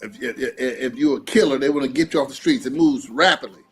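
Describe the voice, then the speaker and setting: A man hosting a casual streamed talk show, speaking in an animated, profane way and acting out quotes. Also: mid-range voice, fast talker, faint music behind. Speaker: podcast host.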